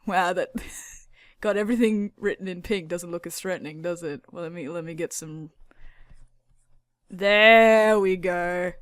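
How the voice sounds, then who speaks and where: A woman hosting a casual video, rambling excitedly about anime characters, swearing a lot and using many fillers. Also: fairly low pitch, a little slow, long pauses, dry recording, clean studio sound. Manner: filler-heavy. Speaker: video host.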